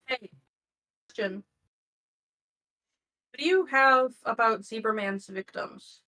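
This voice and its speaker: A woman speaks as a player in a tabletop game, full of questions. Her voice sits a little higher than most women's. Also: animated, takes it slowly, bright, forceful tone, poor audio. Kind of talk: casual tabletop game play.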